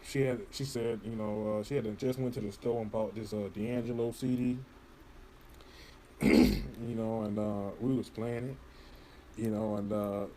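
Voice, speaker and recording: A podcast guest chats casually in an interview, rambling, swearing, and packing his talk with "you know." He has a warm, mid-range male voice, and there's a little hiss or hum in the recording.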